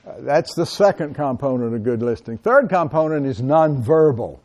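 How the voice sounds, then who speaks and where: A man's voice: mid-range voice, normal speed. A middle-aged man giving a classroom lecture as a college lecturer, talking straight to his students and calling them guys. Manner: animated, addresses students directly as guys.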